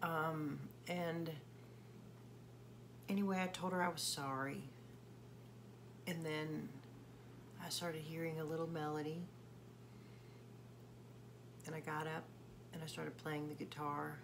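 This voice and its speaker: A woman singer-songwriter talking in a personal video confession, hesitant and halting with many fillers. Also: sits low, level tone, gravelly, background noise.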